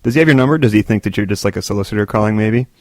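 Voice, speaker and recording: A man's voice: on the low side, rapid-fire, a little mellow, dry recording, studio quality. A man hosting his own podcast, rambling through stories with self-deprecating jokes. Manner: self-deprecating, joking, meandering. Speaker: podcast host. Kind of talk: rambling solo podcast monologue.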